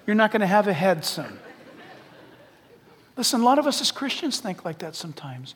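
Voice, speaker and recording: A middle-aged pastor delivers an animated, humorous sermon that drops into hushed asides. His voice sits high, and it is recorded in a church sanctuary with a long, lingering hall reverb. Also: normal speed, long pauses, husky.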